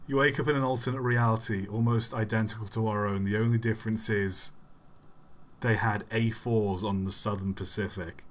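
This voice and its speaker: A man's voice: on the low side, moderate pace. A man live-streaming and giving rambling, wry commentary with the odd chuckle.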